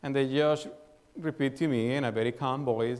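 A man's voice: mid-range voice, fairly even intonation, moderate pace, a little mellow. A male pastor preaching a sermon, telling a personal story and asking the congregation questions with a repeated "right?". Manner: asks the congregation questions and tags lines with "right?"; tells a personal story as an illustration. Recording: long reverb of a hall.

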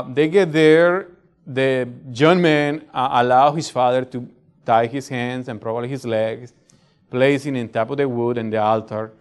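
A middle-aged man with a non-native English accent, preaching a sermon in a conversational way and often checking in with "right?". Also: mid-range voice. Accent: non-native English speaker. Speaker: pastor.

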